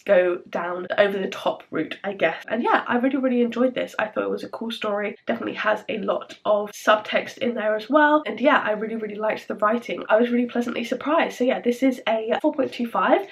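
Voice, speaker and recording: A woman's voice: medium pitch, brisk, creaky, hardly any pauses. A young woman chatting casually about books, with lots of fillers and a few stumbles over words. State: croaky from illness. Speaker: book vlogger. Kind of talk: casual chat.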